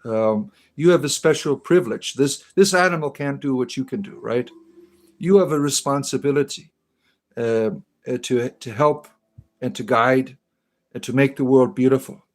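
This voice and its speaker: A middle-aged man hosting a casual livestream, rambling and halting with many fillers and restarts. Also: medium pitch, rough recording. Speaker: livestream host.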